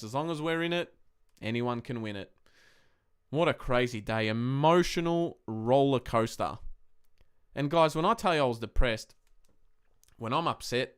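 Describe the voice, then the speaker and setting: A young man hosts a live football review stream, his voice smooth and resonant. He talks in an excitable, emotional rush, swearing freely as he vents to his viewers. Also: medium pitch. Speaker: podcast host.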